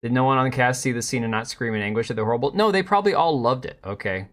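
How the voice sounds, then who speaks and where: A man's voice: mid-range voice, rapid-fire, a bit bright. Man, live-stream host, sarcastic, mocking, casual rambling commentary. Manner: sarcastic, mocking, chats to viewers and his cat.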